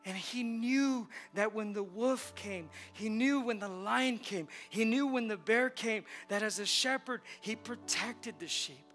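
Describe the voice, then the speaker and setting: A man's voice: high-pitched, a little slow, few pauses, fairly bright tone, faint music behind. A male pastor preaching a sermon in a church, leading the congregation in call-and-response with emphatic repetition. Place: church sanctuary.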